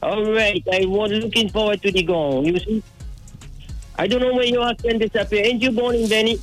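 A man's voice: sits high, steady tone, a little fast, faint music behind, rough recording. A man from Trinidad with a Trinidadian accent, calling in to tell jokes, chatty and rambling, laughing at his own punchlines. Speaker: caller. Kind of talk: phone-in joke telling.

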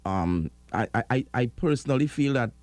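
A man's voice: mid-range voice, lively intonation, moderate pace, darkish tone, no room sound. A Trinidadian man in his thirties hosting an interview, earnest and hesitant, restarting his sentences often. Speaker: interview host. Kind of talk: casual interview.

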